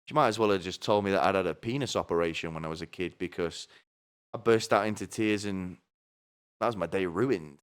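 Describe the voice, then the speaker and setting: Podcast guy ranting, swears loads, low-ish smooth voice. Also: a little fast. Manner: crude, sardonic, swears a lot; asks the listener "right?" again and again. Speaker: podcast host. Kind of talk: comedic rant.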